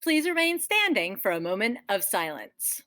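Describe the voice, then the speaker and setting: A woman's voice: medium pitch, big pitch swings, normal speed, sharp tone, dry recording. Lady teacher doing morning announcements, jokey asides, dry close mic. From Rhode Island. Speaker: school band teacher.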